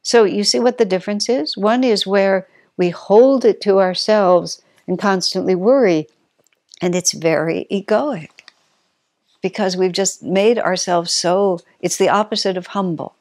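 A woman giving a reflective spiritual talk. She pauses thoughtfully, searches for her words and corrects herself. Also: mid-range voice, darkish tone, no echo, studio quality.

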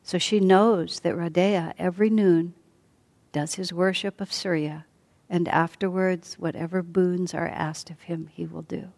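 Gravelly low-voiced woman telling a story. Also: fairly even intonation, measured pace. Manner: soft-spoken, often sinking to a near whisper. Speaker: teacher. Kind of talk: storytelling lesson.

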